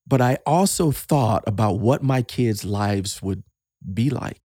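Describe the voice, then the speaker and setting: A man in his fifties, a father speaking with emotion in a casual podcast talk, halting and repeating words as he gets choked up. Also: mid-range voice, warm tone, breathy edge, no room sound, clean studio sound. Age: 50s. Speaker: guest, host's father.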